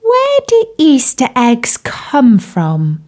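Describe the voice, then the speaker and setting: A woman voicing a curious, excitable little boy tadpole in a children's storybook, eager and full of questions. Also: high-pitched, very slow, voice pushed up, exaggerated voice. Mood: wondering.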